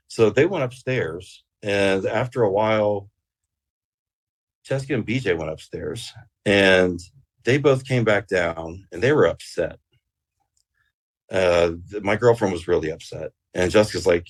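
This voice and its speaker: Deep-voiced man telling a rambling story. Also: measured pace. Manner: rambling and profane, with many fillers. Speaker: interview guest. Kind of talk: casual storytelling.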